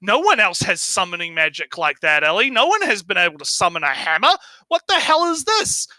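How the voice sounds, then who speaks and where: Stream co-host: high, bright man, animated, swears freely, acts out characters mid-recap. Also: fairly quick, dry recording, rough recording. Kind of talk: casual chat, recapping an anime.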